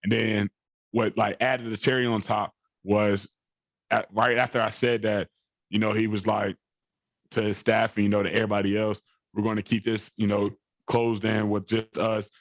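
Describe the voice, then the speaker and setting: Young male athlete guest with a lowish voice, talking in a loose, repetitive, rambling way. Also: flat delivery, moderate pace, dry recording. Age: young adult. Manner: rambling, repeats phrases and fillers. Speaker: college football player guest. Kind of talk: interview storytelling.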